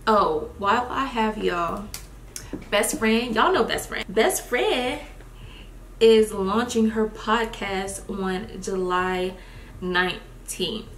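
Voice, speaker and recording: A young woman talks casually and expressively to her viewers while she does her makeup, calling them y'all. Her voice sits at a middle pitch. The room around her is echoey, with a faint hiss beneath. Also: slow pace, fairly bright tone. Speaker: beauty vlogger. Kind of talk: casual get-ready-with-me chat. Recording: roomy home recording.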